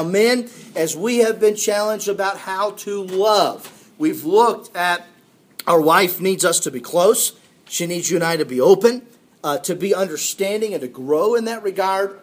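A man with a notably high voice preaches a sermon to his congregation. He is middle-aged and earnest, with plenty of fillers and repeated phrases, and he slows down to stress key words. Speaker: pastor.

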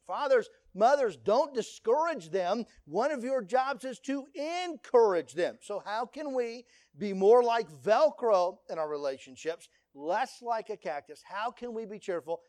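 A high-voiced man, a pastor, preaches an earnest, direct sermon to his congregation, bringing his point across through lively stories in a preachy tone. The sound is clean studio audio with no echo.

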